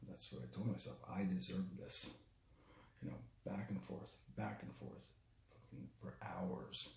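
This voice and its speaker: Low-voiced man telling a painful story. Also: steady tone, gravelly, a little mellow, roomy sound, slight background noise. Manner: halting and raw, with frequent restarts and profanity. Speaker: storyteller recounting his father's death. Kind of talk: personal spoken testimony.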